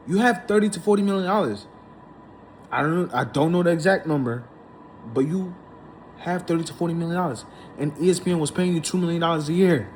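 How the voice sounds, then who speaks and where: A man with a notably high-pitched voice holds forth in a heated, indignant monologue. He circles back over the same points again and again, stacking up repetitions as he goes. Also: a little hiss or hum. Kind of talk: ranting monologue to camera.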